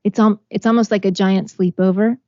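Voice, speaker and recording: A woman's voice: mid-range voice, fairly even intonation, a little fast, mellow, no room sound, lo-fi sound. A woman from Texas, a guest in a conversational interview, speaking earnestly with frequent fillers and restarts. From Texas, USA. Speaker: interview guest, organization founder.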